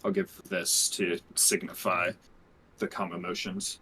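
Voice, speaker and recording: A man's voice: sits low, little pitch movement, measured pace, sharp tone, slight background noise. A man working as game master, calling out turns and patiently explaining spell rules, laughing often. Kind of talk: running a tabletop game.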